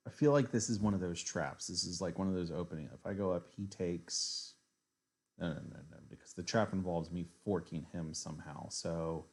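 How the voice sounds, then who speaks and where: A man's voice: low voice, gravelly. A man streaming a live chess game, thinking aloud as he weighs his moves, muttering and correcting himself as he goes. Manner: muttering, self-correcting, analytical.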